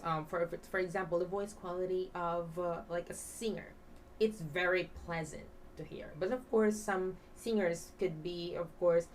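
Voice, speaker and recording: A woman's voice: lowish voice, recorded from a distance, slight background noise, rough recording. A woman teacher giving a demo lesson in English, explaining step by step with many fillers and having the class repeat after her. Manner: breathy half-whisper when demonstrating.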